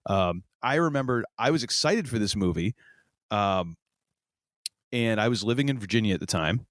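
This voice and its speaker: In casual chat as a podcast co-host, a man rambles with plenty of fillers and restarts. His fairly low, fairly bright voice has lively intonation and a moderate pace, recorded cleanly in a studio with no echo.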